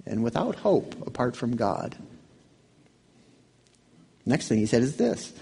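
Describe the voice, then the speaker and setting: Gravelly-voiced man preaching conversationally. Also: mid-range voice, dark tone. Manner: conversational preaching with rhetorical questions. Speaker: pastor. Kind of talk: sermon.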